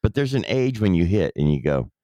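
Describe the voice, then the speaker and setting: Middle-aged male co-host, low and animated, emphatic opinionated riffing, dry close sound. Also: brisk, no room sound, dull audio. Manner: emphatic, riffing, acts out little voices. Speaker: podcast co-host. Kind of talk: opinionated casual chat.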